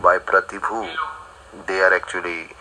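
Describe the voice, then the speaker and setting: A man giving a spiritual discourse, pausing often with restarts and fillers. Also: deep voice, little pitch movement, crowd noise, rough recording. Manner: halting, many restarts and fillers. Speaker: spiritual teacher. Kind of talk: religious discourse translation.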